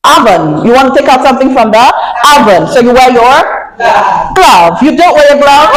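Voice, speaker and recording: Leading a pronunciation lesson, this teacher gets students to echo words back to her and poses quiz questions. She speaks at a fairly high pitch, and the poor audio has a roomy sound.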